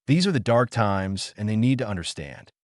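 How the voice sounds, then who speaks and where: A man voicing a kindly old male wizard headmaster who speaks calmly and gravely. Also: on the low side, no room sound, clean studio sound. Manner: calm, grave, measured.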